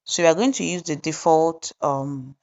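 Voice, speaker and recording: A woman hosting a software tutorial, explaining each step deliberately and pausing with fillers as she goes. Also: sits low, muffled recording. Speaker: tutorial host. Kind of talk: screen-recorded software tutorial narration.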